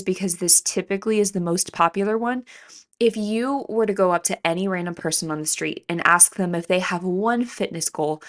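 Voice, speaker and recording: Congested, chatty woman hosting a podcast. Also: medium pitch. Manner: chatty, upbeat, explains step by step. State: congested from allergies, nasal. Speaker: podcast host. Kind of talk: solo podcast talk.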